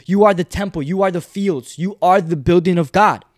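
A fervent man preaches and reads scripture in a steady, repeating cadence. His voice sits a little higher than most men's. The sound is dry and close, with no room echo. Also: moderate pace. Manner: passionate, urging listeners to repeat verses aloud; repetitive, emphatic preaching cadence. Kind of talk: podcast sermon with scripture reading.

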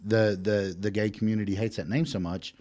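A man's voice: lowish voice, steady tone, fairly quick, a little mellow. A man chatting casually on a podcast, telling crude stories in a loose, rambling, profane way. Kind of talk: casual chat.

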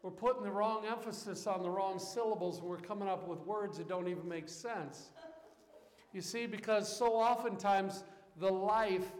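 A male pastor preaching a passionate sermon, swinging from loud, shouted lines down to quiet, intimate ones. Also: sits high, normal speed, roomy sound, in a large hall.

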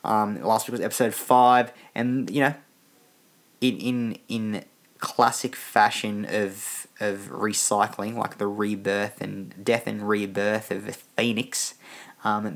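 A young man hosting a casual solo podcast, tired and rambling with many restarts. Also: on the low side. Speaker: podcast host.

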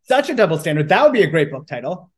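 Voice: medium pitch, big pitch swings, fast talker, breathy edge. A podcast co-host recapping a book in casual chat, reading quotes aloud and then questioning them.

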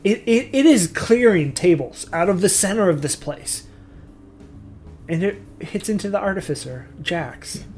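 A man with a slightly high voice narrates as game master. His telling is loose and rambling, full of restarts and stacked clauses, over faint music. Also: animated, measured pace, a little mellow.

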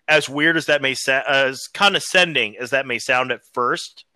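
Tipsy male co-host, very bright tense tone, wordy tangents, dry room. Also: mid-range voice, normal speed, no echo. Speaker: podcast co-host. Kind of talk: casual chat.

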